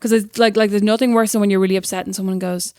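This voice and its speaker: A woman co-hosts a podcast, talking quickly and teasing her sister in easy banter. Her voice sits at a middling pitch. The recording is dry, with no room echo. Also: steady tone, a little mellow, clear, resonant tone. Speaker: podcast co-host. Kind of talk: casual chat.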